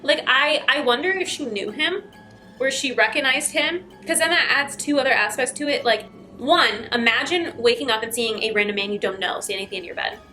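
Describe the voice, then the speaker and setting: A woman muses aloud in an amused, chatty way as she reacts to a spooky story. Her voice is bright and a touch high, with faint music underneath. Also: a little fast. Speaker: channel host reacting to clips. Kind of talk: casual reaction commentary.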